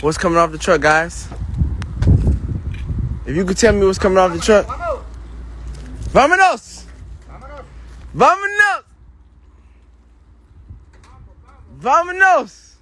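A man talking in a casual vlog outdoors, excited and repetitive, filming himself on a phone. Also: sits high, moderate pace, pauses often, background noise. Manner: excited, repetitive street talk. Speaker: vlogger.

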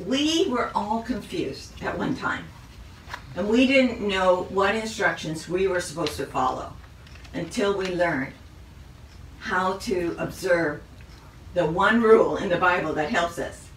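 A woman teaches a Bible study at a very unhurried pace. Her voice is bright and clear, and she goes through her points one by one. The sound is echoey, as if the mic sits a little away from her in a room. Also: fairly low pitch, expressive, far from the mic, slight background noise. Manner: measured, reads out a list of questions.

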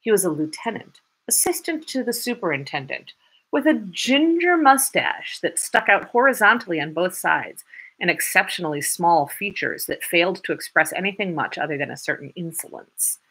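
A woman reading a classic novel aloud with expressive, dramatic narration. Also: lowish voice, moderate pace, slightly rough.

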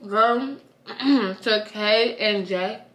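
A woman's voice: mid-range voice, extremely slow, a bit bright. A 22-year-old woman chatting slangily and animatedly in a casual diary vlog. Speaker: vlogger.

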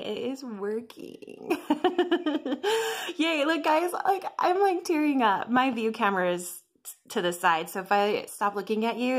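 A woman's voice: on the high side, a bit bright. A woman vlogger talking in a casual, gushing and emotional way to her viewers, laughing often. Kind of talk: casual weight-loss vlog.

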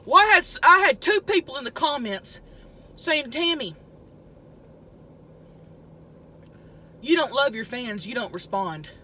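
Woman acting as a loud trailer-park woman, high voice, bright, crude, boastful, talking with her mouth full. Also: sing-song, normal speed, a little hiss or hum, heavily acted. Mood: ranting. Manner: brash, crude, chews noisily while talking. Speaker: mukbang vlogger character. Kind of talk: improvised character comedy. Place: inside a car.

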